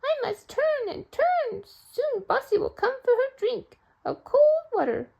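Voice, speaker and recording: A creaky old windmill in a storybook, with a very high, thin voice that stretches its squeaks out. It sounds patient and dutiful, and the voice has a gravelly edge. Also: female voice, big pitch swings, a little slow, darkish tone, full character voice. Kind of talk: storybook read-aloud.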